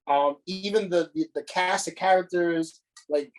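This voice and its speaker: A man's voice: sits high, unhurried, poor audio. A man co-hosting a podcast, ranting in casual chat with plenty of profanity and exasperation. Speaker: podcast co-host.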